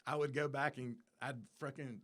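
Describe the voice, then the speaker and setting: A man's voice: medium pitch, normal speed. A man in his fifties tells his story as an interview guest, in easy, casual talk. He acts out the people in it, dropping into their lines as he goes. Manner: animated storyteller, acts out dialogue.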